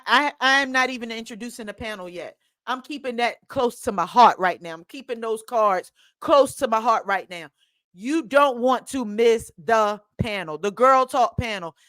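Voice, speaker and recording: A woman with a Philadelphia accent hosts her podcast in a rousing, call-and-response manner, stacking up repeated phrases. Her voice sits high, and she lets her lines stretch out slowly. The sound is close and dry, with no room around it. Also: a bit bright, dry recording. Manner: hype, preacherly call-and-response, repetitive. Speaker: podcast host. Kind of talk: energetic podcast opening.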